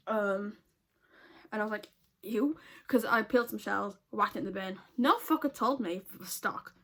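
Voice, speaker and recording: A woman's voice: medium pitch, normal speed, bright, forceful tone. A young woman, telling a story casually in a profane, exasperated way. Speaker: vlogger.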